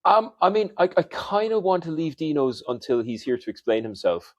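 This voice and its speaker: A man co-hosting a fantasy football podcast in casual chat, giving brisk rundowns with teasing banter. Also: a little high, big pitch swings, dry recording.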